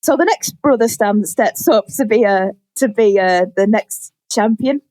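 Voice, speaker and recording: A young woman on a podcast, casually telling a story with lively acted-out quotes and plenty of swearing. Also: mid-range voice, measured pace, no echo. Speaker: podcast co-host. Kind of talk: casual chat.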